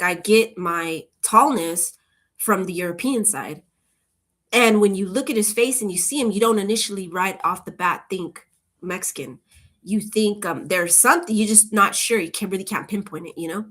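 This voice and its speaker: A woman chatting casually with her viewers, rambling from one thought to the next in a relaxed, upbeat way. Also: mid-range voice, moderate pace. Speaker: channel host.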